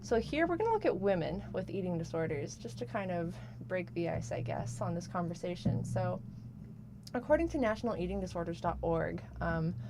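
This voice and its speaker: A young adult woman co-hosting a casual radio talk show, relaxed, with many fillers. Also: lowish voice, brisk, creaky, heavy background noise.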